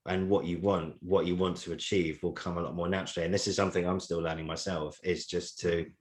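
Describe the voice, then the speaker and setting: Deep voiced guy hosting a podcast, rambly, lots of ums. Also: flat delivery, fast. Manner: rambling, filler-heavy, laughs between his points. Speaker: podcast host. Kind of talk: casual interview chat.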